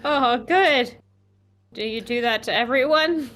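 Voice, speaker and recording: A woman's voice: fairly high pitch, unhurried, a bit bright. A woman playing a nervous, protective adventurer mother who speaks politely to a creature.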